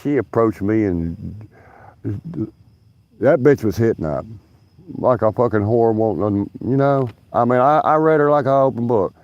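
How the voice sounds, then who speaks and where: A man's voice: medium pitch, unhurried, pauses often, no echo, highs cut off. A man rambling through stories on a livestream from his backyard, swearing and laughing as he talks. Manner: profane, laughing, drawling. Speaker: livestream host, union stagehand. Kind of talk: rambling casual storytelling. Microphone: phone camera set down nearby.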